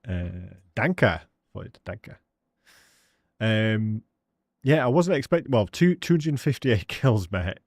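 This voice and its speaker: Chatty English male game streamer, low voice, dry close-mic home setup, lots of laughs. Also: animated, slow pace, vocal fry, no room sound. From England. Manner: chatty, laughs often, calls viewers mate. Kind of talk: casual live-stream chat. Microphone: studio dynamic microphone.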